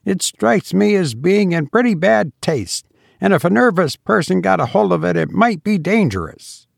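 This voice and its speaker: A skeptical young gentleman speaks sharply in a voice lifted above the narrator's own, as a man reads him aloud. The tone is gravelly and questioning. It sounds dry and close. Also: sits high, lively intonation, normal speed, dry recording, voice pushed up, heavily acted. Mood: sharp, indignant.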